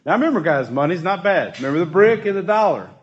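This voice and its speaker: A man's voice: high voice, big pitch swings, quick pace, muffled recording. Chatty man leading a youth group. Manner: chatty, asks the group questions. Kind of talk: casual church youth talk.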